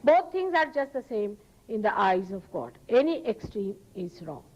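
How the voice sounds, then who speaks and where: A woman giving a public spiritual talk, earnest and emphatic, often rising sharply in pitch. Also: big pitch swings, moderate pace, darkish tone, lo-fi sound. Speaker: spiritual teacher. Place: public hall.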